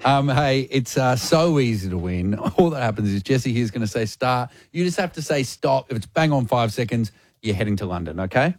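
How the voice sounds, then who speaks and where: An Australian man hosting a radio game in a quick, teasing way. His voice sits in an ordinary middle pitch. The studio sound is close and dry, with no room echo. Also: animated. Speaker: radio host. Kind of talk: playful radio banter.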